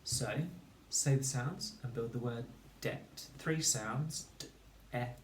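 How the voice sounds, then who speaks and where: Slow, deliberate man teaching phonics. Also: medium pitch, slight background noise. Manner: slow, deliberate, sounding out words. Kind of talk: recorded spelling lesson. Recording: echoey room, mic at a distance.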